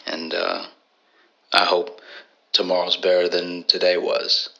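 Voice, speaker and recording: A man voicing a grown man who calls his friend late at night, speaking slowly, softly and earnestly. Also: low-pitched, completely flat delivery, gravelly, muffled recording, pitched below the performer's own voice, heavily acted. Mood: tender, earnest. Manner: slow, soft-spoken and earnest. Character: gravel-voiced grown man calling a buddy late at night.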